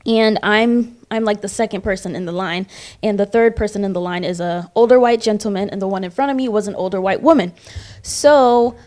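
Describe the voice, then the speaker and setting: Animated woman telling a story. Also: mid-range voice, fairly quick. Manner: animated storyteller who acts out the voices of people in her stories. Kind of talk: casual discussion.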